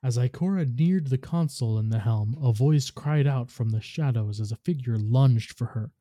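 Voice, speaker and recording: A podcast host reads a story aloud in a steady, even way. His voice is very dark and heavy, and the recording is dry and close. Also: medium pitch, moderate pace, no echo.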